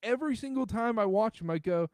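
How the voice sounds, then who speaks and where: A fairly high-voiced man hosts a casual sports podcast, his pitch swinging widely as he gets worked up. He is from the American South. The sound is dry and close. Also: fast talker, no room sound. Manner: animated, jumps pitch when excited. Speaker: podcast host.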